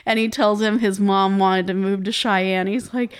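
A woman's voice: mid-range voice, steady tone, moderate pace, smooth. A woman co-hosting a podcast who laughs a lot and chimes in with short reactions. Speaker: podcast co-host. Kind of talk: casual chat.

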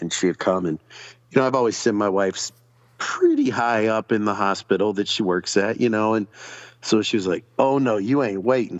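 Low-voiced, animated man telling a profane story. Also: no echo, lo-fi sound. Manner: profane, animated storyteller acting out other people's lines. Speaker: podcast guest. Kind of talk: casual storytelling.

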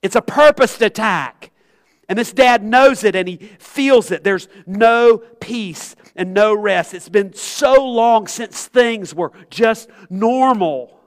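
A male pastor delivering an impassioned sermon. His voice sits a touch high for a man, and he moves from loud, urgent stretches down to hushed near-whispers. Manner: impassioned, swings from loud pleading to hushed tones.

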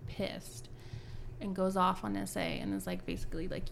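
A woman's voice: medium pitch, very animated, normal speed, creaky, slight background noise. A woman co-hosting a podcast, animatedly retelling a book chapter in casual chat, swearing freely. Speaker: podcast co-host.

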